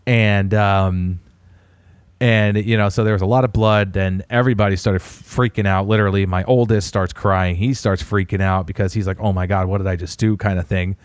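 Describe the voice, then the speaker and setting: A man in his thirties, co-hosting a podcast, telling a family story in a casual, animated way. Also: normal speed, clear, resonant tone, no echo. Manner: animated storyteller, puts on high voices when quoting a child. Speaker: podcast co-host.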